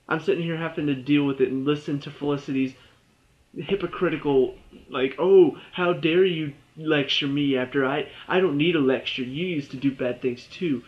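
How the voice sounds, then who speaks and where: Young male reviewer, sarcastic venting, slightly high voice, muffled home recording. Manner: exasperated, sarcastic, mocks characters in quoted voices. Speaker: TV episode reviewer. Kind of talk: ranting video review.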